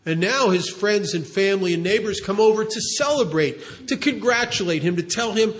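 A man speaking at a recovery meeting, telling a story in an earnest, animated way. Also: high-pitched, moderate pace, few pauses, a little hiss or hum. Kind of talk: storytelling talk.

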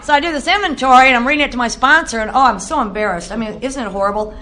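A woman's voice: on the high side, racing, pushed and bright, slight background noise. A middle-aged woman giving a candid, self-mocking personal testimony at a recovery meeting, often laughing at herself.

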